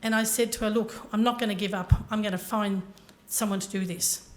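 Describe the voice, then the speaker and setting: A woman's voice: mid-range voice, fairly even intonation, brisk. A woman giving a motivational talk to a conference audience, telling her story earnestly and speaking directly to the listeners. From Ireland.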